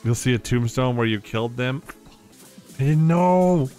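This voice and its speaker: A man giving casual live commentary while streaming a game, excitable and quick to laugh, swearing often and reacting loudly to surprises. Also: mid-range voice, faint music behind. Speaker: streamer playing a modded platform game.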